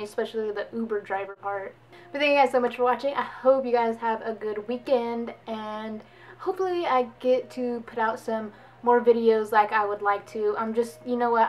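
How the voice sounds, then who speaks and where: A woman's voice: fairly high pitch, rough recording. A young woman vlogger telling a story in a casual, chatty way, laughing often. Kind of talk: storytime vlog.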